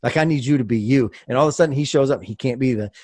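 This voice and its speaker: A man's voice: medium pitch, rapid-fire, no echo, studio quality. A man telling a funny story in casual podcast chat, acting out other people's voices. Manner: animated storyteller, acts out voices. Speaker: podcast guest.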